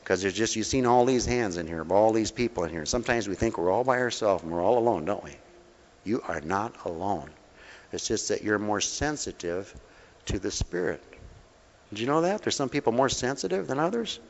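A man's voice: lowish voice, expressive, a little fast. A man preaching a folksy sermon in a mission hall, coaxing listeners with questions and calling them honey. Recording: dull reverberant hall recording.

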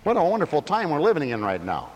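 A man preaching a sermon emphatically, dropping to quiet asides and rising to shouts. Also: a little high, wildly swooping pitch, quick pace, slight background noise. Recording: echoey hall.

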